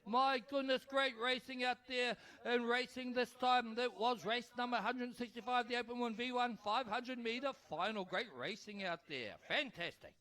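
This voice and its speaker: A man calling a canoe race live as announcer, excitable and urging the crowd to cheer. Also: very high-pitched, moderate pace, hardly any pauses. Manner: excitable, urges the crowd, tongue-tied at times. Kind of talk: live sports commentary. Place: outdoor regatta venue.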